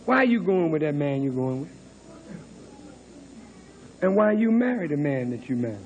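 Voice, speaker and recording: A man's voice: a little high, big pitch swings, moderate pace, a little mellow, dull audio, slight background noise. A man in his fifties preaching a sermon in a church hall, dramatic, with mocking sing-song asides. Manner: dramatic preaching, mock-crooning quoted lovers. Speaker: minister.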